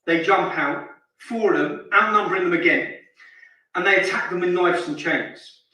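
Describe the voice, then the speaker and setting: Heated and scornful, this Luton man delivers indignant commentary over a street video, driving his points through repetition. He has a high, sharp voice at normal speed, recorded roughly and far from the mic with heavy reverb.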